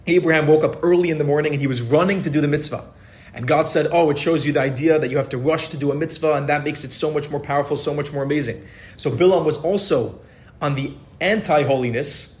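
A man giving a weekly Torah lesson, retelling the story in an emphatic, repetitive storytelling way. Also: medium pitch. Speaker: Torah teacher.

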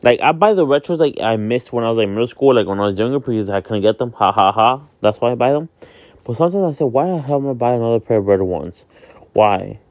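A candid young man in his twenties from Miami, Florida, hosts a vlog, rambling in a casual monologue while sleepy and yawning, swearing freely and using many fillers. He talks fast with a medium pitch and lively intonation, and the dry, echo-free audio sounds dull.

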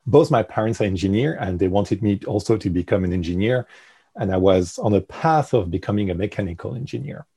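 A middle-aged man from France talks in a podcast interview in accented English. His voice sits low and dark, with a mellow, slightly husky grain. He hesitates often, filling gaps with ums and starting sentences over. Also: expressive, a little fast. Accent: French. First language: French. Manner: hesitant, frequent ums and restarts. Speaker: guest, industrial designer.

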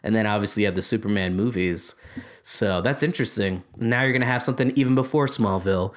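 A man hosting a film podcast in casual chat, excitable and loose, with mild swearing. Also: fairly low pitch, fast talker. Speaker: podcast host.

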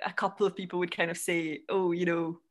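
A woman's voice: on the low side, little pitch movement, fairly quick, slight background noise. Chatty Scottish woman. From Scotland. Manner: chatty, laughs often, restarts sentences. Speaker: broadcaster and podcast guest. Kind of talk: casual conversation.

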